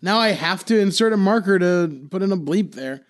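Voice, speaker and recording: A man's voice: sits high, expressive, normal speed. A man from Charleston with a Charleston Southern accent, hosting a podcast and joking while steering the chat along. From Charleston, South Carolina. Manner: joking, wrangling the show along. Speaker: podcast host. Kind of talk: casual chat.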